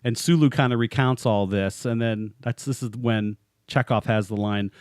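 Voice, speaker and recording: A man's voice: medium pitch, normal speed, a little mellow, clear, resonant tone, dry recording, studio quality. Chatty, laughing male podcast co-host. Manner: chatty and joking, laughs often mid-sentence. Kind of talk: casual podcast chat.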